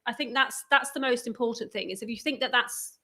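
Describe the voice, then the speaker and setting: A woman appearing as a guest on a live video show, speaking in a relaxed, encouraging way with casual fillers. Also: fairly high pitch, brisk. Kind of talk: casual live-stream chat. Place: conference venue during a live broadcast.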